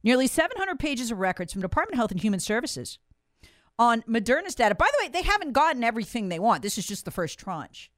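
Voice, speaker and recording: A woman's voice: a little high, big pitch swings, fast talker, no room sound, studio quality. A woman, hosting and delivering an angry, emphatic monologue full of rhetorical questions. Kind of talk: impassioned monologue.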